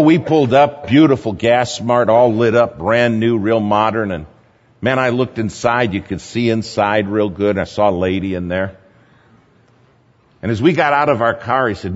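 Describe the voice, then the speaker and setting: A man speaking at a church gathering, telling a sermon story in a lively anecdotal way and chuckling at his own tale. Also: lowish voice. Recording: dull, echoey hall recording.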